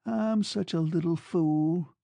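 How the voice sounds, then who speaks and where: A man reading a novel aloud and voicing a lovesick young woman who speaks slowly and pleads softly. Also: fairly high pitch, creaky, no echo, pitched above the performer's own voice. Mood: pleading. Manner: slow, pleading, soft.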